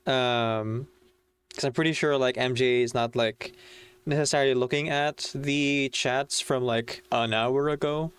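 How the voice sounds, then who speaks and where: A man's voice: mid-range voice, fairly even intonation, slow, fairly bright tone, clear, resonant tone. A man streaming a game, chatting casually to viewers in a rambling way full of fillers. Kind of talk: casual livestream chat.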